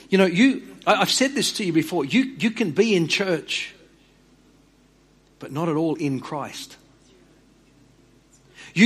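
A man preaching a sermon as pastor. He speaks earnestly, often stammers on his opening words and repeats phrases for emphasis. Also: slightly rough. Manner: drops low and quiet on key words.

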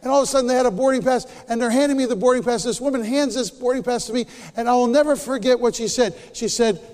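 A man preaching a sermon, telling a story with animated energy and then dropping to a hushed, near-whispered delivery. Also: extremely high pitch, fast, big-room sound.

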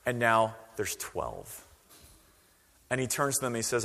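A man preaching a sermon as pastor, conversational and animated, acting out quoted voices. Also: mid-range voice, measured pace, gravelly, big-room sound.

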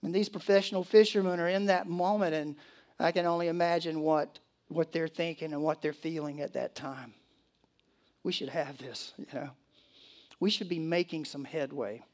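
A man's voice: fairly high pitch, steady tone, normal speed, a little mellow. A male pastor delivering a sermon in a church, telling stories animatedly with laughs and acted asides.

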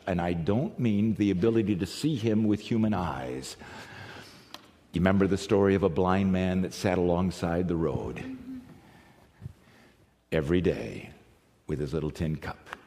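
A man from the United States preaching a sermon, telling stories with animated swings from loud to hushed. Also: sits low, a little slow, long pauses. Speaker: pastor. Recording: long reverb of a large hall.

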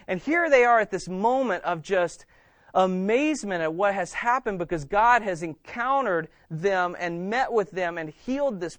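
A pastor preaching to his church in a high-pitched male voice. He presses his points hard, repeating and restarting phrases. The sound is dry and close, with no room echo. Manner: emphatic, repeating words with frequent restarts. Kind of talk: sermon.

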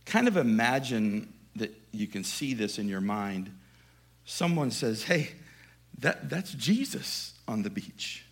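A male preacher retelling a scripture story in a conversational sermon, dropping to quiet asides and building to emphatic passages. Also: medium pitch, sing-song, slow pace, husky.

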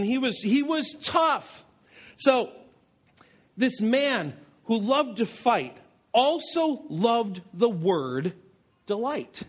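Pastor, male, high voice, storytelling sermon with jokes at his own expense. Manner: anecdotal storyteller with self-deprecating humor.

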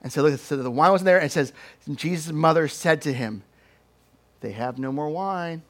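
A young man preaching a sermon, telling stories in an animated, joking way and doing playful voices. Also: on the high side, normal speed. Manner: animated, jokey storytelling with playful put-on voices. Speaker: pastor.

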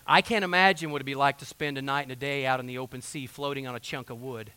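A man's voice: a little high, fairly even intonation, quick pace, few pauses, bright, forceful tone, smooth, no room sound. A man preaching a sermon in a folksy, conversational way, full of asides to the congregation. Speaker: pastor.

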